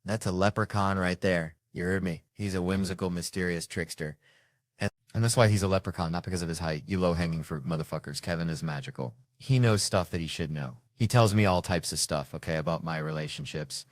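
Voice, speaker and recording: A man telling comic stories with lots of swearing, jumping between loud punchlines and muttered asides. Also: brisk, dry recording, studio quality. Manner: animated, profane, jumps between loud punchlines and low asides. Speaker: comedian. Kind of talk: stand-up and panel comedy storytelling.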